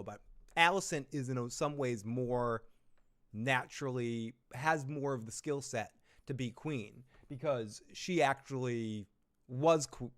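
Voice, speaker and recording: A man hosting a live recap stream, chatting casually in a loose, joking, profane way. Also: mid-range voice.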